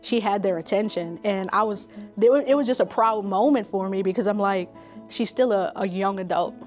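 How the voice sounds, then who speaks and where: A woman, a school counselor telling stories in an interview in a relaxed, conversational way with many fillers. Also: medium pitch, fairly quick, soft background music. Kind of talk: interview storytelling.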